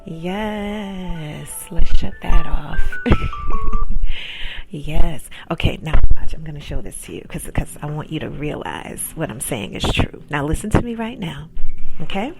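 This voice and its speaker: A woman hosting a podcast, giving a calm, soft-spoken motivational pep talk about faith and gifts as a coach. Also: sits low, moderate pace, creaky, loud music behind the voice. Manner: faith-based encouragement. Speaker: podcast host and accountability coach.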